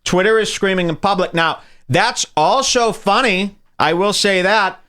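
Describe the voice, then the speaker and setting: A man hosting a radio talk show, ranting casually with mocking impressions and sudden high-pitched bursts, and he has a headache. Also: normal speed, pushed and bright, clear, resonant tone. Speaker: podcast host.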